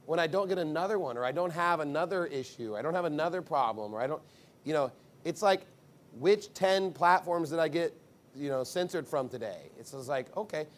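A man's voice: a little high, animated, a little fast. A man preaching a conversational sermon as a pastor, blunt and emphatic, rambling with asides.

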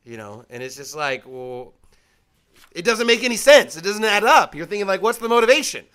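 A high-voiced man teaches the Bible casually and conversationally, very animated and brisk, with a slightly bright, clean tone. He leans on rhetorical questions and emphatic repetition, driving his points home again and again.

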